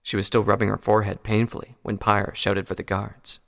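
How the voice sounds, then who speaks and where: Male storybook narrator, measured delivery, gravelly tone, long reverb. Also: lowish voice, little pitch movement. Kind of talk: audiobook reading of fan fiction.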